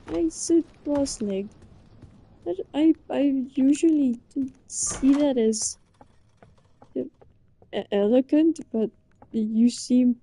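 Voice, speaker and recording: Slow-talking young woman with a dark voice. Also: a little high. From Britain. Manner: rambling, giggly, playfully flustered. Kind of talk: casual chat to a listener. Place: indoors, under a blanket.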